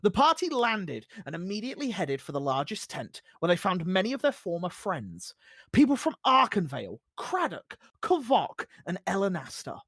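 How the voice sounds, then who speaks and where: Animated, dry-voiced tabletop game master. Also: medium pitch, moderate pace, husky, dry recording.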